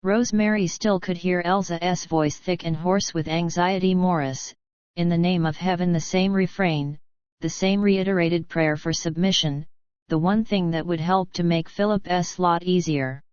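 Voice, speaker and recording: Smooth-voiced woman narrating an audiobook. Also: fairly low pitch, steady tone, unhurried, darkish tone, no echo. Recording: dull, dry recording.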